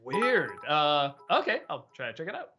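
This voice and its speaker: A man hosting a casual live-stream Q&A, thinking aloud with many pauses and restarts. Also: on the high side, sing-song, pushed and bright, faint music behind. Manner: musing, hesitant, many ums and restarts. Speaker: host.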